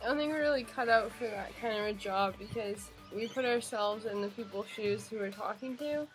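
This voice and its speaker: A woman's voice: mid-range voice, fairly quick, faint music behind. A young woman casually and earnestly explaining what happened, talking to camera for a vlog. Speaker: vlogger.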